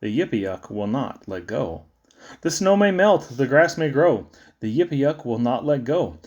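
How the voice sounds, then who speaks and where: A man's voice: expressive, a little slow, a little mellow, lo-fi sound. Playful man reading children's poems. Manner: playful, sing-song delivery with sudden high squeaks and low drops. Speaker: poetry reader.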